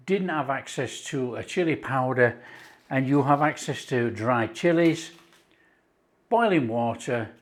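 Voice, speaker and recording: A man with a Yorkshire accent hosting his own cooking channel, chatting enthusiastically and explaining each step as he cooks. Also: mid-range voice. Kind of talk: casual cooking demonstration.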